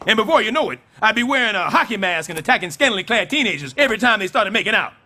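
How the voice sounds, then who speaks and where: An actor playing a loud, wisecracking, scheming middle-aged building super in an animated sitcom. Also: male voice, racing, full character voice. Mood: blustering. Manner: loud, wisecracking, swings wildly in pitch.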